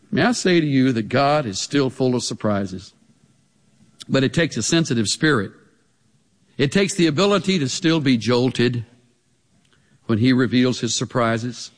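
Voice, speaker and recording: A man preaching a sermon, animated, with pointed rhetorical questions. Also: medium pitch. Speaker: pastor. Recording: long hall reverb.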